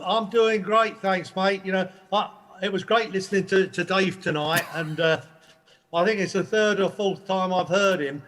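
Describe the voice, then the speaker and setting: A man's voice: high-pitched, a bit bright. A man with a Cockney accent, chatting as a guest and telling a friendly story. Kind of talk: casual chat.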